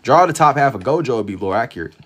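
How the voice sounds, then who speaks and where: Here a livestream artist talks fast in a mid-range, animated voice, sleepily rambling about nothing in particular as he draws. The chat is casual, slangy, and meandering, delivered in a drawl with plenty of repetition.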